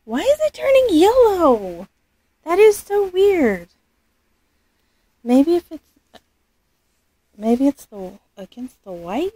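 High-voiced gushing woman vlogger. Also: sing-song, slow pace, long pauses, dry recording. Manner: gushing, often drops to a soft near-whisper; rambling, self-correcting. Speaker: reborn doll collector. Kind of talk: casual unboxing vlog.

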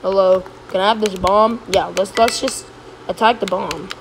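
A woman streaming a game live, chatting casually and breaking into excited yelps when she is chased. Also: medium pitch, moderate pace, background noise. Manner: casual, says "bro" a lot. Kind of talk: live gameplay commentary.

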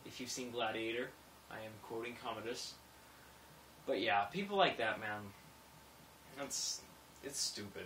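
A young man vlogging casually, rambling and self-mocking, swinging between low mumbles and sudden loud bursts. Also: slow pace, long pauses, slight background noise. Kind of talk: casual vlog monologue. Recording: roomy echo, a bit distant from mic.

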